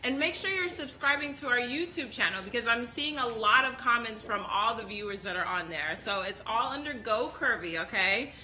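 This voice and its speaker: Young woman co-host, enthusiastic and giggly, high pitch. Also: expressive, normal speed, few pauses, bright, forceful tone, a little hiss or hum, rough recording. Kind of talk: casual talk show chat.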